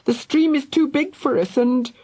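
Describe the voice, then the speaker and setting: A woman's voice: sits high, normal speed, warm tone, voice pushed up, close to an everyday voice. A woman voicing a brave, bossy young girl who urges her little brother on, in an audiobook. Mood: urgent. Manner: urgent, breathless bossiness. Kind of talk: audiobook character voice.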